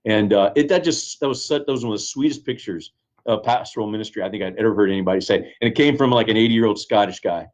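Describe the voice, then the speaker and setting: Speaking fast in a lowish voice, a man who is a pastor and guest shares stories in casual conversation. He's earnest and reflective, with many restarts along the way.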